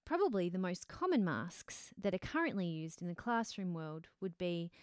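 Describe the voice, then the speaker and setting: A woman, a drama teacher answering interview questions in a measured, explanatory way. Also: fairly low pitch, expressive, smooth, no room sound, studio quality. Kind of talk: scripted-sounding interview answers.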